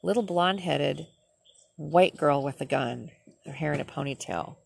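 A woman's voice: sits low, normal speed, gravelly, darkish tone, a little hiss or hum. A middle-aged woman, a nurse, bluntly ranting and telling a story in a profane personal vlog.

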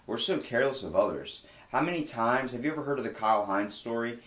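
A man's voice: mid-range voice, animated, fast, fairly bright tone, reverberant. A man hosting a casual podcast chat, talking bluntly and getting riled up, with plenty of swearing. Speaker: podcast host.

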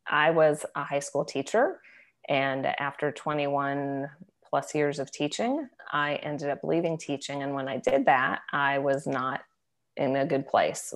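A middle-aged woman from Virginia with a strikingly low voice tells her own story as an interview guest. She speaks in a conversational, reflective way, with natural fillers. Her tone stays relaxed and personal. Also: measured pace. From Virginia, United States. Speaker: health coach, guest.

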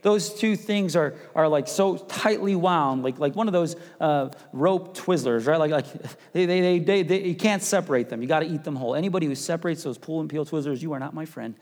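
A man preaching a sermon as pastor, chatty and casual, rising to loud urgent passages and dropping to hushed near-whispers. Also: on the high side, brisk. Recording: long hall reverb.

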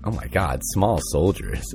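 A man's voice: low voice, expressive, a little slow, soft background music. A man co-hosting a podcast, chatting casually in a laid-back, rambling way with lots of fillers. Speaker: podcast co-host. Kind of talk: casual chat.

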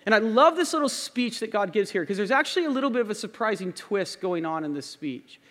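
High-voiced preaching man in reverberant church. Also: a bit bright. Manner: earnest, repeats key phrases for emphasis. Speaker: pastor. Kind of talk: sermon. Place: church sanctuary. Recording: long hall reverb.

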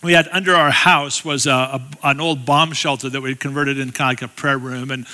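A middle-aged man giving a guest sermon as a relaxed storyteller, with self-deprecating asides to the audience. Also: mid-range voice, brisk. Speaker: guest speaker. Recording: long hall reverb.

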